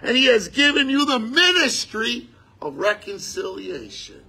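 High, husky-voiced male preacher. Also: big pitch swings, unhurried. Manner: conversational preaching, bursts into shouting. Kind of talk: sermon.

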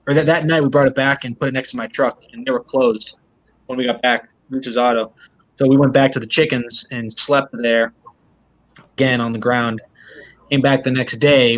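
A man being interviewed, retelling events in a halting way and often repeating words. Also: medium pitch, lo-fi sound. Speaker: interview guest.

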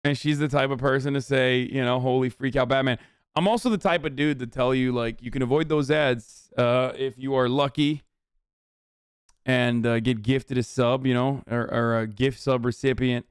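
A male streamer reacting on a live stream, speaking in a smooth, clear voice with no room sound at all. He rambles through fillers and swears freely as he comments. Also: medium pitch, moderate pace, no echo, clean studio sound. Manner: profane, animated, rambling with many fillers. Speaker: streamer reacting to a cooking show.

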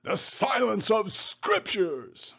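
A man's voice: high-pitched, huge pitch swings, takes it slowly, gravelly, a bit bright, husky, dull audio, voice pushed up, full character voice. A man doing a hearty Scots-Irish old preacher. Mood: jovial. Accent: put-on Scots-Irish. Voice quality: hearty, calls listeners "me buckos".

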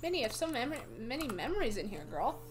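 A woman's voice: on the high side, big pitch swings, fast. A woman streamer chatting casually while playing a game, reading text aloud and talking to herself. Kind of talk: casual gameplay commentary.

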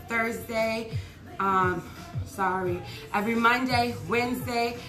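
A woman fitness instructor with a hoarse, slightly high voice chats upbeat and casually with her viewers after a workout, then drifts into preachy testimony. The sound is reverberant.

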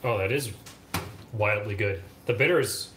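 A man's voice: lowish voice, measured pace, noisy background. A man hosting a home cooking vlog, chatting in a rambling, enthusiastic way as he mixes a cocktail. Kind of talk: casual chat. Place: home kitchen. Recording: echoey kitchen with clattering dishes.

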